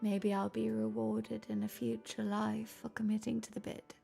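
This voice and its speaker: A woman's voice: medium pitch, level tone, moderate pace, vocal fry, dark tone, soft background music. A woman live streamer in a put-on transatlantic accent, chatting casually with her viewers, self-mocking and swearing freely. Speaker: live streamer greeting chat.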